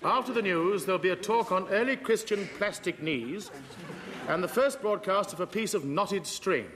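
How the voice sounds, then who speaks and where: A man's voice: high voice, normal speed, a bit bright, a little hiss or hum. A man playing a comic announcer in a 1950s radio comedy, in a mock-formal announcing manner. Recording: old radio broadcast with reverb.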